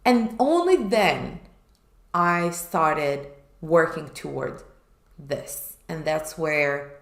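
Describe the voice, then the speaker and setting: A woman's voice: sits low, expressive, extremely slow, vocal fry, a bit bright. A woman co-hosting a chat show, telling a personal story candidly and acting out her past self. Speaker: podcast co-host. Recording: echoey room.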